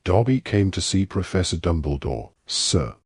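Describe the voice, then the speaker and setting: A man voicing an eager, servile little male house elf who squeaks and calls everyone sir. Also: big pitch swings, normal speed, husky, no echo, studio quality, full character voice. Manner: squeaky, polite, says sir constantly.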